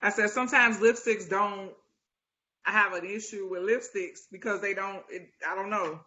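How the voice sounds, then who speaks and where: A woman's voice: medium pitch, steady tone, normal speed, bright, forceful tone, dull audio. A woman taking part in a makeup class, speaking hesitantly and trailing off as she describes her lips. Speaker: class participant. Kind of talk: casual chat.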